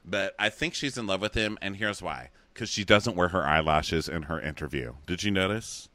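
A man's voice: sits low, normal speed, sharp tone, no echo. A man co-hosting a casual recap chat, snarky and profane. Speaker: podcast co-host.

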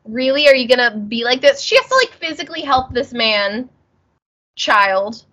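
A woman's voice: on the high side, big pitch swings, moderate pace, sharp tone. A woman co-hosting a podcast, chatting casually and animatedly, often acting out characters' lines. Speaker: podcast co-host. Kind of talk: casual chat.

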